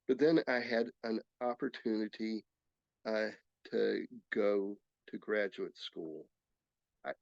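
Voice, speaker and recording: Older man, 60s, personal testimony talk; gravelly, earnest, stops and restarts; dry, slightly muffled sound. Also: medium pitch, darkish tone, dry recording. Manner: earnest, halting storytelling with restarts. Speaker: speaker sharing his recovery story. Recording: slightly dull, dry recording.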